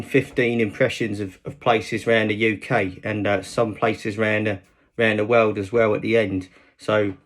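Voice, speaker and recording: Man doing a rambling London bloke, low voice, off-the-cuff. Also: close to an everyday voice. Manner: rambling, repeats words, loose and offhand. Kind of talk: accent demonstration, improvised chat.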